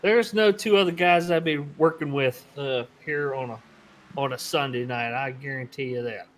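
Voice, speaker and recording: A man's voice: medium pitch, moderate pace. A man commentating a sim race, chatting earnestly with co-hosts and reading viewer comments. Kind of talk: casual booth banter and race calls.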